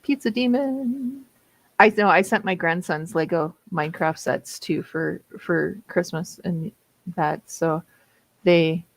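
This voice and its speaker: A woman's voice: lowish voice, slow, no room sound, rough recording. A woman in her fifties with a Minnesota accent, chatting casually and laughing often while hosting writing sprints. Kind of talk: casual livestream chat.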